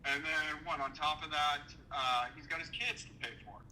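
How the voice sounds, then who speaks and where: A man with a slightly high, steady voice speaks at a moderate pace over heavy background noise. As a podcast guest, he recounts a business dispute with indignation, swearing often and acting out the dialogue he quotes.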